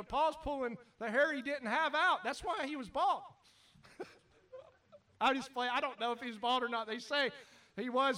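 A man preaching a sermon as pastor, animated, shouting at times and then dropping to quiet asides. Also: extremely high pitch, unhurried, distant mic.

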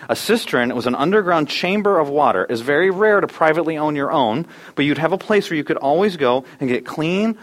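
Man, thirties, pastor delivering a sermon; earnest, shifts between hushed and emphatic. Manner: earnest, swings between soft low lines and loud animated ones. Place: church.

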